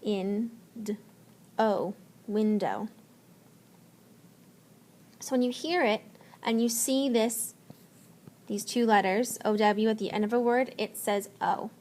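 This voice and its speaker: A woman teacher giving a spelling lesson, slowly and patiently sounding out letters and words. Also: on the high side, a little mellow.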